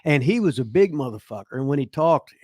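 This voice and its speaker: A man's voice: on the high side, expressive, fairly quick, darkish tone, slightly rough, no echo. Older male host, salty storyteller, dry close sound. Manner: profane, rambling, laughs through his stories. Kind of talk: casual storytelling.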